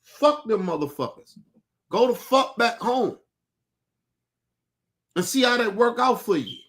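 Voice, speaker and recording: A man delivering a heated, profane rant as a podcast host, shouting and repeating himself. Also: very high voice, expressive, a little slow.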